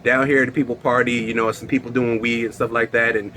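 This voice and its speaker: A man doing his low, hushed, laid-back buddy. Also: little pitch movement, a little fast, slight background noise, natural voice, poor audio. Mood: explaining. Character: laid-back young male friend, calm and amused.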